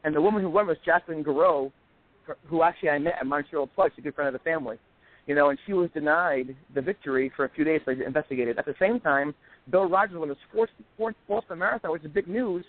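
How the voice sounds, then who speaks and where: A man in his forties, a guest in a casual chat, telling stories with animated delivery and acting out quoted voices. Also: on the high side, fast, no echo. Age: 40s. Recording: tinny phone line.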